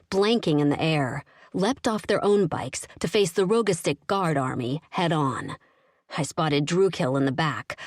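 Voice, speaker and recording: A woman narrating an audiobook in the first person, with a steady, even storytelling delivery. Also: lowish voice, no echo, clean studio sound.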